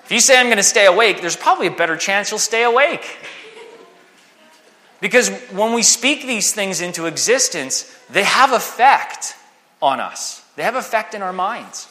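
A man preaching a sermon, animated and acting out the voices he quotes. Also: high-pitched, moderate pace. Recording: long hall reverb.

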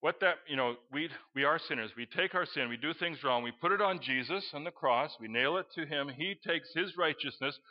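Animated male preacher, dull recording. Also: fairly high pitch, fairly quick, hardly any pauses. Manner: animated storyteller, bursts into loud exclamations. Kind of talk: sermon with storytelling.

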